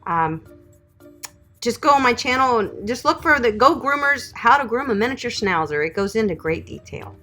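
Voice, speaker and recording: A woman's voice: a little high, big pitch swings, normal speed, bright, forceful tone, faint music behind. A middle-aged woman, a pet groomer hosting a live stream, answering viewer questions in a chatty, affectionate way and calling them honey and sweetheart. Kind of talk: live Q&A chat reading viewer comments.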